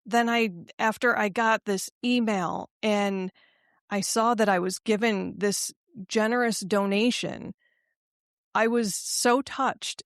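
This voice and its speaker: A woman hosting a motivational podcast, speaking in an emphatic, affirming way that turns halting and emotional when she gets personal. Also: mid-range voice, dry recording, clean studio sound. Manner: slow, emphatic, affirming delivery. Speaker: podcast host and life coach.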